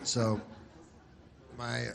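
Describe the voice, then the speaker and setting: A man doing a stand-up comedy set in a small club, talking in a deadpan, rambling way with wry asides. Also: medium pitch, drawn-out words, gravelly, a little hiss or hum. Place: small club before a live audience.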